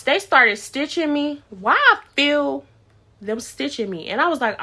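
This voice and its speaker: A woman's voice: high voice, big pitch swings, moderate pace, pushed and bright. Chatty young woman telling a story. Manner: chatty, repeats words, acts out quotes. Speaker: vlogger. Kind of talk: casual storytelling to camera.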